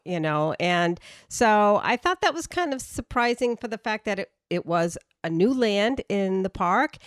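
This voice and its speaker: A woman's voice: medium pitch, no room sound, studio quality. A woman with a slight Boston accent, co-hosting a podcast and chatting through her research with plenty of fillers and restarts. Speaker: podcast co-host presenting research. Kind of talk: casual podcast chat.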